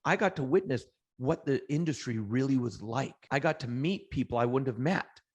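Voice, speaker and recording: Energetic middle-aged male motivational trainer. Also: mid-range voice, moderate pace, slightly rough, highs cut off. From Canada. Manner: energetic, anecdotal, frequent restarts. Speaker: guest, trainer. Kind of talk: motivational storytelling.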